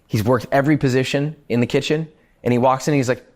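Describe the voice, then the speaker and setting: A chef telling a kitchen story in casual, animated talk, swearing freely and using lots of fillers. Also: male voice, medium pitch, quick pace.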